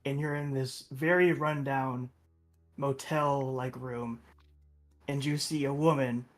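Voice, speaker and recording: A man runs a tabletop game and describes each scene slowly and deliberately. Faint music plays behind his voice. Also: mid-range voice, fairly even intonation. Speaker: game master.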